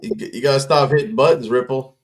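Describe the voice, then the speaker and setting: A man's voice: medium pitch, fast. A man hosting a livestream, chatting casually and rambling through stories. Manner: rambling, storytelling with restarts. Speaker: livestream host. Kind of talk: casual chat.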